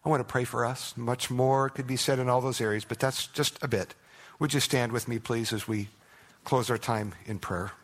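A pastor giving an earnest, conversational sermon, dropping to hushed tones when he voices prayers. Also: mid-range voice, steady tone, normal speed.

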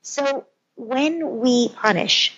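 A woman's voice: sits high, drawn-out words, a bit bright, breathy edge. Woman, parenting expert, earnest, walks through scenarios, dull lo-fi audio. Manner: earnest, explains through vivid scenarios and quoted voices. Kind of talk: conversational explanation.

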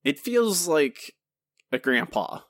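A man co-hosting a casual podcast, animated and argumentative, often restarting his sentences. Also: on the high side, slow pace, no room sound, studio quality. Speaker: podcast co-host.

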